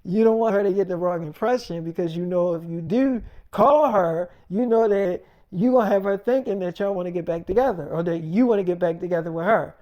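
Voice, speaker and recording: A man voicing his pregnant girlfriend in a retold argument, scolding and swearing with sharp, needling jabs. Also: sits high, fairly quick, hardly any pauses, highs cut off, voice pushed down, lightly acted. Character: sharp-tongued jealous pregnant girlfriend, young woman.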